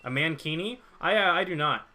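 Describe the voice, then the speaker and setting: Joking young man streamer, bright voice. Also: fairly high pitch, expressive, fairly quick. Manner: joking, rambling, reads chat aloud. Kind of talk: casual chat with stream viewers.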